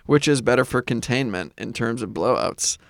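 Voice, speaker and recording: A man hosting a podcast who reads listener questions and slips in teasing jokes. His mid-pitched voice is gravelly and animated. The sound is dry and close. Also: moderate pace, dry recording. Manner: joking, teasing asides. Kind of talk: casual chat.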